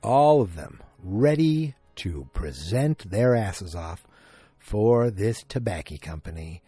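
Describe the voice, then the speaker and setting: A man's voice: lively intonation, slow pace, dark tone, slightly rough, no room sound, soft background music. A man hosting a podcast, casually recapping an episode and acting out the characters' lines as he goes. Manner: retells scenes, acting out the lines with pitch jumps; many fillers and restarts, chatty. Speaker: podcast host.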